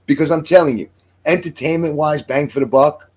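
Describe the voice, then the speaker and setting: Husky man in his sixties chatting. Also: fairly high pitch, fairly even intonation, brisk. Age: 60s. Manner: rambling storyteller, jokey, swears casually. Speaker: podcast host. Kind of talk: casual chat.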